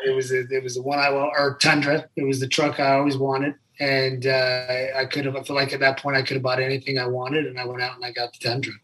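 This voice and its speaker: A man's voice: medium pitch, fast talker, few pauses, low-quality recording. A middle-aged man, a former fighter, chatting casually as a podcast guest, often restarting his sentences. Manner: relaxed, rambling with repeated restarts. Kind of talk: casual chat.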